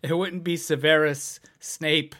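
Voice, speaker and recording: A man's voice: on the high side, fairly even intonation, takes it slowly, fairly bright tone. A man co-hosting a casual podcast over an online call, cracking crude jokes and laughing often. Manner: giggly, crude joking. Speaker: podcast co-host. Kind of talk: casual chat.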